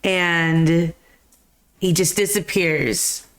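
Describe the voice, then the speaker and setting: A woman co-hosting a casual live-stream chat, retelling scenes as an animated storyteller who swears casually. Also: lowish voice, extremely slow. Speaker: co-host.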